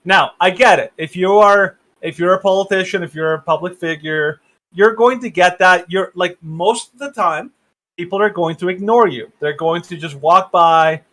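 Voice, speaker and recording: A man co-hosting a podcast over a video call, talking politics in a halting, opinionated way. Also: high voice, fairly bright tone. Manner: halting, many fillers and restarts, opinionated. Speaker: podcast co-host. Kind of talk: casual political discussion.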